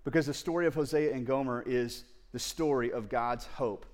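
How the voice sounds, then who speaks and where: A man preaching a sermon to a congregation, speaking to the mothers directly, dropping to tender near-whispers and rising to loud pleading. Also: medium pitch, normal speed. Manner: swings from hushed tender asides to loud pleading; addresses the audience directly. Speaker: pastor. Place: church service before a congregation.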